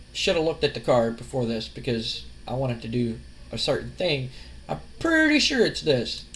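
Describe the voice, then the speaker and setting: Rambling young man narrating a game. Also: sits high. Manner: rambling, swearing, animated retelling. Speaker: let's-play narrator. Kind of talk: casual game commentary.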